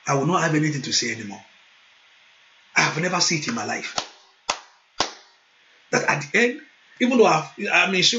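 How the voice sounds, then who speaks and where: A male pastor preaching a sermon, moving into loud fervent prayer and speaking in tongues. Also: fairly high pitch, sing-song, a little fast, long pauses, a little hiss or hum. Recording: dull lo-fi sound.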